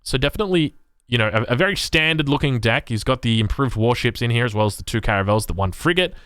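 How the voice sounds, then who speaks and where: A man's voice: medium pitch, animated, quick pace, a bit bright, smooth, no echo. A man casting a strategy game match play by play, upbeat and joking, often asking his co-caster questions. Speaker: esports caster.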